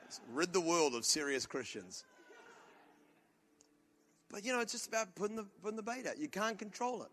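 A man preaching a sermon as a pastor, telling loud, animated stories with comic outbursts. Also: sits high, normal speed, long pauses.

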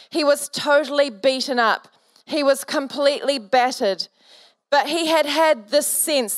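A woman's voice: high voice, fairly bright tone, dry recording, clean studio sound. A woman pastor preaching a sermon, telling a story earnestly and building to fervent exhortation.

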